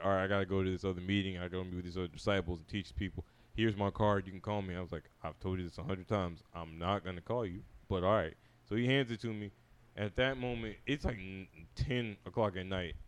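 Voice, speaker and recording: A man's voice: lowish voice, clear, resonant tone. A young man casually telling a story to friends on a podcast, acting out the people he quotes. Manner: fast, animated anecdote telling with quoted dialogue. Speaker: podcast co-host.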